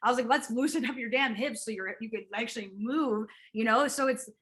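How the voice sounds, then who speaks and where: A woman, a physical therapist, chatting as an interview guest, animated and quick to act out quotes and laugh. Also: on the high side. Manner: animated storyteller, acts out quotes, laughs often, swears casually. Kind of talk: casual interview chat.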